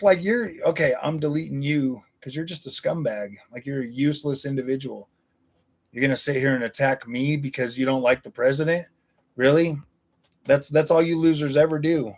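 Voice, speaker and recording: Forties male streamer, gravelly and slightly high, blunt and profane with chat. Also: moderate pace. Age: 40s. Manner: blunt, combative, profane banter. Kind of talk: live stream chat, answering viewers.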